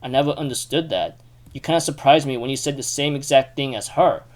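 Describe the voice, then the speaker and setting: A man voicing a remorseful young man quietly admitting he never understood other people's feelings. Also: medium pitch, brisk, pitched below the performer's own voice, natural voice. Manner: subdued, confessional.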